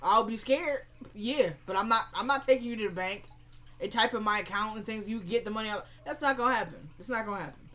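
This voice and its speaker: A woman's voice: fairly high pitch, fast, pushed and bright. A woman recapping a TV episode in a chatty, rambling, opinionated way. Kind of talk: casual spoken recap.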